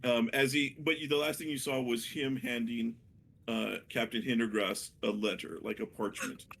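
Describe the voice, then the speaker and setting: A man narrating a tabletop game as dungeon master, hesitant and full of fillers, with a gravelly voice. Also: medium pitch, fairly even intonation, moderate pace, fairly bright tone. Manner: hesitant, many fillers and restarts.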